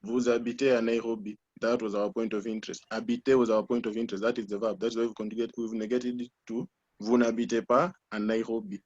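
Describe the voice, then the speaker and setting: A man's voice: on the low side, flat delivery, quick pace, darkish tone. A man teaching a French class online, patiently correcting students and repeating answers. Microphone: video call. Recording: muffled video call audio.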